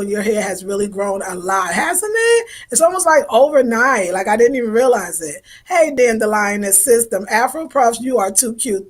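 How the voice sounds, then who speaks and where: Woman, fifties, livestream host; casual, warm-hearted slangy chatter greeting viewers by name. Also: medium pitch. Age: 50s. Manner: chatty, effusive, informal slang. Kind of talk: casual livestream chat reading viewer comments.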